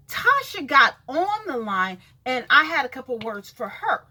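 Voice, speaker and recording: A woman's voice: sits high, sing-song, a little slow, sharp tone, husky. A woman venting in a casual video rant, blunt and sassy, cursing freely and talking straight to people she calls out. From California. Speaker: vlogger.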